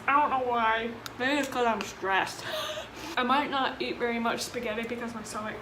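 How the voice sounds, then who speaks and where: A woman's voice: on the high side, noisy background. A young woman in college filming a casual cooking vlog, chatty and self-deprecating, often exasperated at her own mishaps. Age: young adult. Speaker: college student vlogger. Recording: echoey room with clattering dishes.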